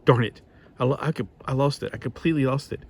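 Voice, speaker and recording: A man reading aloud the lines of a young male superhero who is shaken after losing his temper, in a halting, self-reproachful way. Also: medium pitch, a little mellow, a little hiss or hum, voice pushed up, natural voice.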